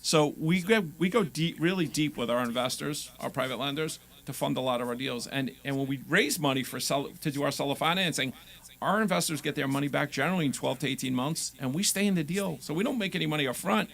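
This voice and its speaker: A man being interviewed as a guest on a radio show, talking about his business with a confident sales pitch. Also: fast, vocal fry, a bit bright. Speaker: guest, real estate investor. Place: radio studio.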